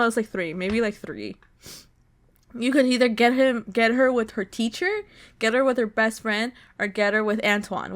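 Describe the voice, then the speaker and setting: A young woman streaming a visual novel, reacting with loud disbelief and swearing. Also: a little high.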